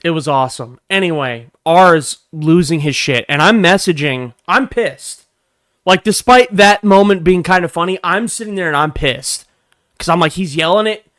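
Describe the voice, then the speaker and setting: High-voiced man telling a heated story. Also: normal speed, dry recording, clean studio sound. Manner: profane, emphatic, acts out quotes with sudden loud bursts. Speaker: vlogger telling a workplace story. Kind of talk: animated storytelling vlog.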